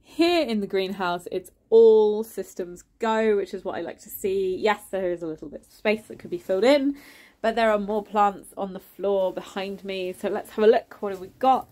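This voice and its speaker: A woman's voice: medium pitch, normal speed, dark tone. A woman with a stuffy, sniffly voice giving a chatty, enthusiastic tour of her garden and greenhouse. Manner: enthusiastic, chatty, names plants as she walks. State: congested, sniffing from a cold or hay fever. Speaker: gardening vlogger. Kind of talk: casual garden tour narration.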